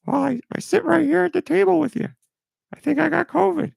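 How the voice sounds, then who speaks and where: A man putting on a high, squeaky voice for a sick little male sidekick on a podcast. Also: brisk, vocal fry, darkish tone, no room sound, clean studio sound, exaggerated voice. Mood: sickly.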